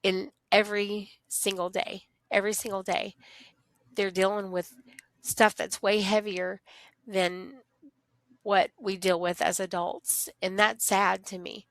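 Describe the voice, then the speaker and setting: Woman teacher, heartfelt and animated, close dry mic. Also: mid-range voice, unhurried, no echo. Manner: earnest, animated storytelling, acts out voices of kids. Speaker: teacher, podcast guest. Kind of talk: casual interview chat.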